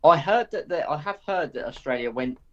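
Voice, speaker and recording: A man's voice: on the high side, animated, fairly quick, highs cut off. A man in the room giving short, easygoing replies during a casual chat. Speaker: friend in the room.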